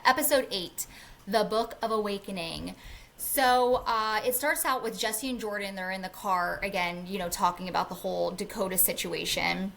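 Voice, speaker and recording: A woman's voice: medium pitch, normal speed, creaky, fairly bright tone, slight background noise. A woman in her thirties co-hosting a podcast, telling a story in a casual chat, acting out the people in it and swearing freely. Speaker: podcast co-host.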